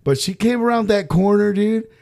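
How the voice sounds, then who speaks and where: A podcast co-host with a high voice and some vocal fry speaks at normal speed, telling stories animatedly in a casual chat and swearing freely.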